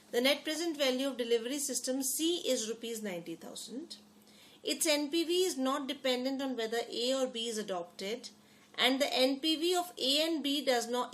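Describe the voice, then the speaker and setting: At a moderate pace and with a high-pitched voice, a woman teaches a lesson, returning to phrases again and again and directing questions at her students.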